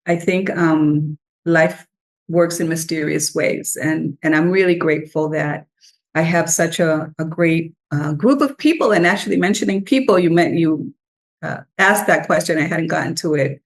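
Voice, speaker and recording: A woman's voice: deep voice, normal speed, low-quality recording. A middle-aged woman, a scholar being interviewed, telling a story in a winding way with many fillers. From Puerto Rico. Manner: rambling, warm storytelling with many fillers, switching into Spanish. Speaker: guest scholar. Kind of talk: conversational interview.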